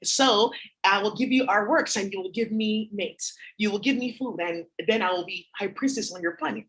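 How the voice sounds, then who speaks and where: A woman voicing a scheming alien woman who bargains in slow, broken English for mates and fame. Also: medium pitch, a bit bright, lightly acted, rough recording.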